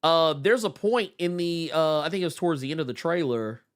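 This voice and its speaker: A man co-hosting a podcast, chatting casually about comics with animated stammering restarts. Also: on the high side, fairly quick, smooth. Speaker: podcast co-host. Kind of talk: casual comic book chat.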